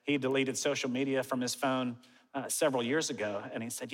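A pastor in his forties giving a conversational sermon, animated, with self-mocking asides. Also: mid-range voice, brisk, in a large hall, rough recording. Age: 40s.

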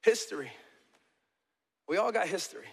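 A middle-aged man preaching a sermon as pastor in a large church, swinging from impassioned shouts to soft, intimate talk. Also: high voice, lively intonation, normal speed, vocal fry, husky. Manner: passionate, builds to shouting then drops to soft and intimate. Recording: long reverb of a large hall.

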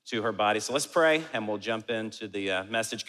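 Man, pastor, bright voice, long hall reverb, animated storytelling sermon. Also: on the low side, fairly quick. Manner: animated storyteller, acts out quotes.

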